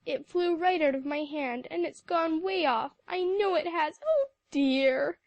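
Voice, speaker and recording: A woman voicing a weepy young schoolgirl who wails in a high, tearful voice. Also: expressive, unhurried, dry recording.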